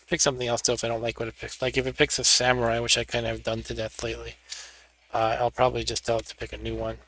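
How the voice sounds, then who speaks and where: A man's voice: medium pitch, monotone, quick pace, a bit bright, no echo. A man hosting a live gaming stream, chatting casually and narrating each step as he sets up and plays. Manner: chatty, narrates his own setup steps. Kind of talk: casual gameplay commentary.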